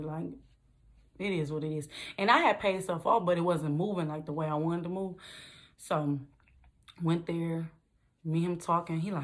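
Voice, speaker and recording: Speaking at a moderate pace, a young woman from Detroit, USA chats directly to her viewers in a relaxed storytelling vlog. Her slightly low voice leaps higher to drive points home, and she's animated, loose and laughs often.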